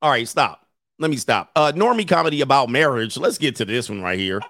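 A man's voice: medium pitch, expressive, a little fast, a bit bright, no room sound, studio quality. Brash, joking male commentary host. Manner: brash, joking, laughs often. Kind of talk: casual commentary rant.

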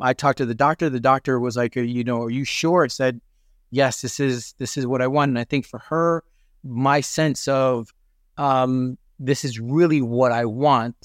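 A man with a mid-range voice appears as a podcast guest, earnestly recounting a personal experience in conversational style with many restarts and fillers. The recording is dry and studio quality.

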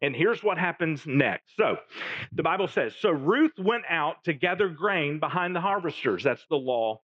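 A man's voice: on the high side, lively intonation, normal speed, fairly bright tone, dry recording. A male pastor, preaching a sermon and retelling a story with jokey asides. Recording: dull, dry, lo-fi.

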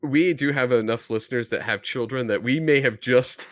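A man's voice: medium pitch, normal speed, noisy background. A man in his thirties co-hosting a podcast, telling stories casually with laughs and swearing. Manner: laughs a lot, profane, animated storyteller. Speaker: podcast co-host. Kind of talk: casual chat.

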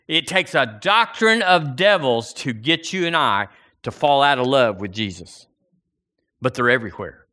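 A man preaching a sermon in an animated way, his voice rising and falling as he quotes scripture and questions the congregation. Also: normal speed. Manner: animated preaching, swinging pitch and volume.

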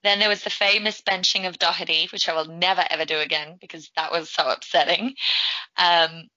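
A woman's voice: fairly low pitch, fairly even intonation, brisk, sharp tone, no echo, muffled recording. A woman guest on a casual podcast, chatting with frequent laughs and stop-start restarts.

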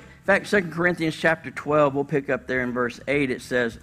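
Pastor guy preaching in church, mid pitch, chatty and animated, gets loud on the big points. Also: moderate pace, hardly any pauses. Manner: conversational and animated, with casual slang and sudden bursts of pitch and volume. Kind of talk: sermon.

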